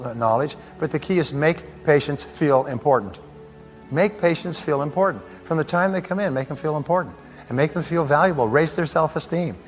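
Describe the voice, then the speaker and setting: A man delivers a motivational talk with steady emphasis, driving points home through repetition and small acted-out scenes. His voice sits at an ordinary middle pitch. It rings with long reverb, as in a large hall, and soft music runs beneath it. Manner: emphatic, repeats key phrases, acts out little scenes. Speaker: motivational speaker.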